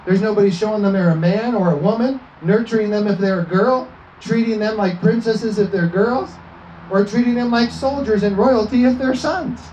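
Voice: medium pitch, moderate pace, a little mellow, slight background noise, rough recording. A preacher giving a fervent sermon, often asking the congregation for an amen and slipping into acted quotes.

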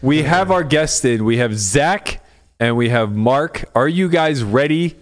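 A man's voice: medium pitch, animated, unhurried. A man hosting a casual chat, teasing and telling stories. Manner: teasing, storytelling. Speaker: podcast host.

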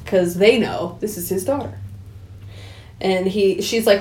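Woman podcast co-host, animated film recap, mid pitch, echoey room. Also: unhurried, long pauses, slight background noise. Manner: animated retelling, voicing characters' lines, laughing often. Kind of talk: casual chat recapping a film. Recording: roomy sounding room.

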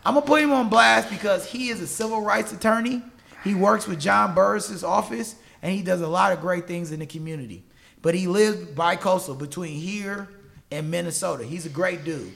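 A man's voice: high-pitched, normal speed, gravelly. A man in his forties, a gym owner and Muay Thai trainer, telling stories as a podcast guest with lots of laughter. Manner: animated, laughing storyteller.

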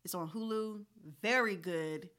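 A woman co-hosting a podcast, chatting candidly and expressively. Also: medium pitch. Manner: candid, expressive, quick asides. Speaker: podcast co-host. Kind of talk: casual chat.

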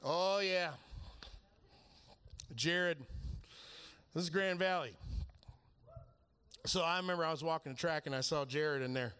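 High-voiced man telling a sermon story. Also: unhurried, long pauses, clean tone. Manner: animated, laughing storyteller acting out conversations. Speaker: preacher.

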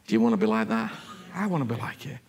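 A man preaching a sermon, earnest and animated, repeating himself and often asking whether he is understood. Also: on the low side, quick pace, creaky.

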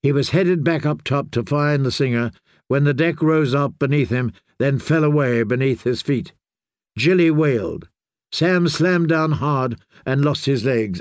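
A man reading a fantasy audiobook in a measured, steady storytelling manner. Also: mid-range voice, no room sound, studio quality. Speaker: audiobook reader.

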